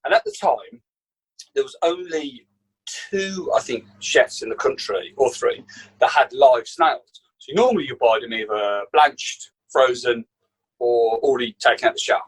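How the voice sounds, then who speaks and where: Husky Birmingham man telling stories. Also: medium pitch, unhurried, low-quality recording. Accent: Birmingham English. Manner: animated anecdote teller, acts out quotes. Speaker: chef guest. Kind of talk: casual storytelling.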